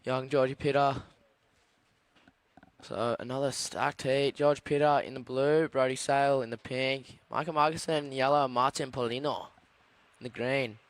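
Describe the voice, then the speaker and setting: Smooth-voiced surf play-by-play man. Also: mid-range voice, moderate pace. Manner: steady, informative play-by-play. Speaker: surf commentator. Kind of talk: live sports commentary.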